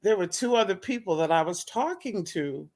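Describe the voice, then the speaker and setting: A woman's voice: on the low side, lively intonation, moderate pace, a little mellow. A middle-aged woman, a talk show guest, telling a story casually and animatedly, acting out quoted dialogue with laughs.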